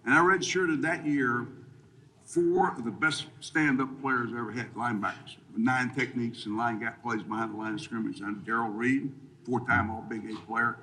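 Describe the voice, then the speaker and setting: An older man, a retired football coach, speaks with a bright, forceful voice. He is blunt and folksy, joking along the way and rambling through names and years. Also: medium pitch, fairly even intonation, moderate pace, slight background noise, rough recording. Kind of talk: casual interview chat.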